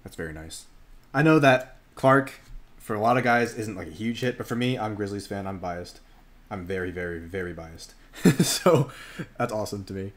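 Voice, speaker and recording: A man with a lowish voice hosts a casual card break stream, joking and chatting while he opens packs. He speaks at a moderate pace, animated and laughing often as he gives casual livestream commentary.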